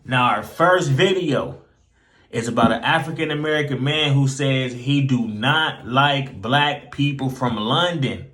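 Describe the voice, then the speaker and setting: A male channel host speaks to his viewers in a chatty, casual way as he sets up the day's videos. He talks slowly, taking his time. His pitch is mid-range for a man. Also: pushed and bright. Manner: chatty, addresses viewers directly.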